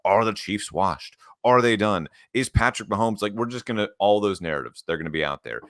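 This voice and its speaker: Deep-voiced man hosting a sports podcast. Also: animated, a little fast, a bit bright, dry recording, studio quality. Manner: laid-back, runs through lists with quips. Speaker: podcast host. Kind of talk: casual sports chat.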